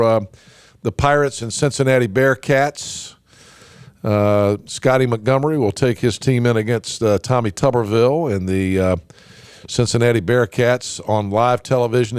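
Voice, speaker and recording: Opinionated talk radio host. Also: male voice, medium pitch, clean tone, no room sound, clean studio sound. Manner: folksy, emphatic, many fillers and restarts. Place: radio studio. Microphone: studio microphone.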